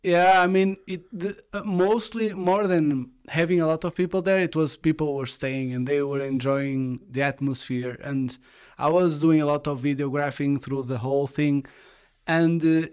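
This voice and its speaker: A young man with a smooth, clear voice pitched a little high, talking in a relaxed way on a livestream. He often restarts and repeats words as he looks for the right one. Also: normal speed. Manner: easygoing, repeats himself while searching for words. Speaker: graphic designer and videographer. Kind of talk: casual livestream chat.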